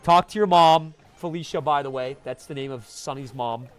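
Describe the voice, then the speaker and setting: Animated high-voiced male streamer. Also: moderate pace. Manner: animated, swings from mumbled asides to loud protests. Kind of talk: casual live-stream chat with viewers.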